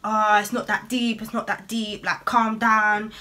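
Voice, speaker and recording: A dismissive young man shrugs off the trouble in a mocking, offhand way, as a woman puts him on. The voice stays bright and close to her own. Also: medium pitch, level tone, unhurried. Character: dismissive young male ex-partner.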